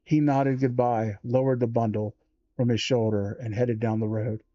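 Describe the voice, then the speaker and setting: A man reading a children's horror book aloud, slow and measured with small self-corrections. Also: medium pitch, flat delivery, dark tone, no echo, highs cut off.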